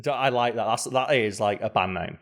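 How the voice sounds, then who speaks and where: A man co-hosting a podcast, talking casually and with animation about a video game, often jumping into high-pitched impressions of characters. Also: normal speed, a bit bright. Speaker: podcast co-host. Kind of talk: casual gaming chat.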